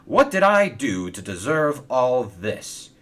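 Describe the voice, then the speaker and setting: A man voicing an eager, excitable male steam engine in a fan-made toy train story. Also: medium pitch, takes it slowly, pitched above the performer's own voice. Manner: excitable, gushing.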